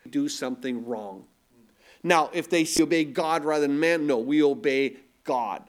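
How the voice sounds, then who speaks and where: Male pastor, sermon delivery, emphatic, rhetorical questions, voice a little on the high side. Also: a little slow.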